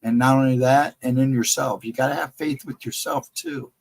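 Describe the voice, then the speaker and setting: A man's voice: mid-range voice, steady tone, normal speed, low-quality recording. A middle-aged man co-hosting a casual livestream chat, talking in an earnest, encouraging way and repeating his advice. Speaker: livestream co-host.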